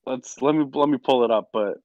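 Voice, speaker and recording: A man chatting casually on a live stream, joking and quick to laugh. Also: mid-range voice, darkish tone, no echo, dull audio. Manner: jokey, quick to laugh, looking things up mid-talk.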